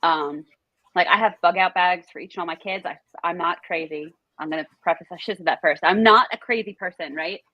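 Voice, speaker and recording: A woman guest in a casual TV reaction chat, talkative and stopping to quote herself in a higher voice. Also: a little fast, no echo, highs cut off.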